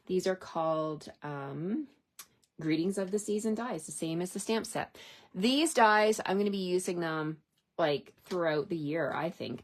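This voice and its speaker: A woman's voice: lowish voice, a little mellow. A woman chatting her way through a card-stamping tutorial, upbeat and easygoing, narrating each step as she works. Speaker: stamping and card-making demonstrator. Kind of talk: casual craft tutorial.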